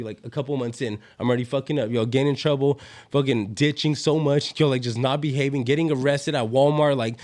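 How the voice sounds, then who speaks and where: A man's voice: mid-range voice, darkish tone. A young man, telling a long story as a podcast guest and filling it with "yo" and "bro". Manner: rambling slangy storytelling, constant "yo" and "bro" fillers. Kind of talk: casual storytelling.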